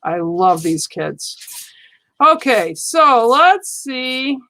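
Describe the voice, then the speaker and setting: A woman giving a live card reading to viewers, speaking in a slow, soothing and reassuring way, often checking in with "okay?". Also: fairly high pitch, big pitch swings, pushed and bright, dry recording, low-quality recording. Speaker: psychic card reader on a livestream. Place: studio.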